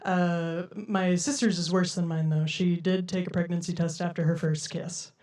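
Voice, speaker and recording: A woman's voice: fairly low pitch, fairly even intonation, moderate pace, a little mellow. A young woman from Denver doing a stand-up routine with a quirky, lilting, self-described silly way of talking. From Denver, USA. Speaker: stand-up comedian. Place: comedy stage before a live audience.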